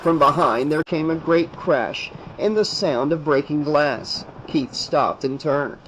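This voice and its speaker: A man reading a horror audiobook aloud in a steady, measured storytelling manner. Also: fairly high pitch, a little hiss or hum, low-quality recording. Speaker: audiobook narrator.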